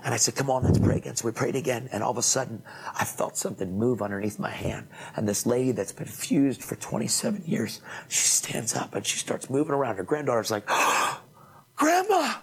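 A man preaching, telling an animated testimony story and acting out the people in it. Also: medium pitch, brisk, creaky, breathy edge, rough recording. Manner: animated storytelling, acts out quoted voices. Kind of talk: emotional testimony.

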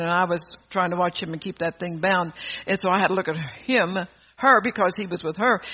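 This female preacher's bright, tense, husky voice lands at medium pitch as she scolds and presses the congregation with emphasis. The sermon comes through on a dull lo-fi recording.

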